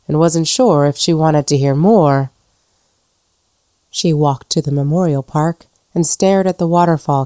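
A woman narrating a ghost story in a measured, dramatic storytelling manner. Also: low voice, darkish tone, clear, resonant tone, no room sound, clean studio sound. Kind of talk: scripted narration.

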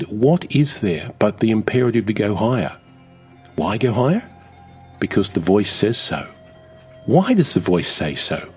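Low-voiced guy hosting a story podcast, lively ups and downs, bit husky, soft music behind. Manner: enthusiastic, reflective. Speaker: podcast host. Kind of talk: podcast commentary.

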